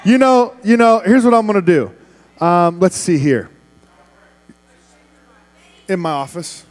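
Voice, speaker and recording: A man preaching as a youth pastor, playfully wrangling a big room of students and often shouting. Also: high-pitched, very animated, slow, pauses often. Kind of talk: youth ministry sermon.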